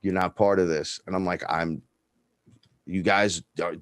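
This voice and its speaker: A man's voice: deep voice, a little slow, dry recording, studio quality. A man telling stories in a casual, profane chat, acting out the dialogue. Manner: profane, animated, acts out dialogue in his stories. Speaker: guest.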